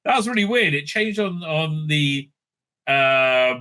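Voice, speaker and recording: A man's voice: a little high, animated, slow pace, sharp tone, smooth. A man giving a crude, mocking, rambling recap of a reality show episode, full of fillers. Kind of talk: casual recap commentary. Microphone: streaming setup mic.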